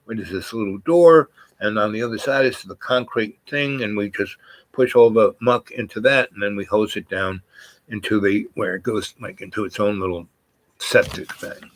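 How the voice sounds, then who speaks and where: A man voicing a calm little girl who knows horses, giving patient step-by-step instructions in a voice close to his own. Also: lowish voice, moderate pace, close to an everyday voice. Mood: instructive.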